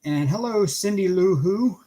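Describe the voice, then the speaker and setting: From home, a man runs a casual livestream, cheerfully greeting viewers by name one at a time while working on a craft project. His voice is high and warm, with lively intonation and a slightly slow pace.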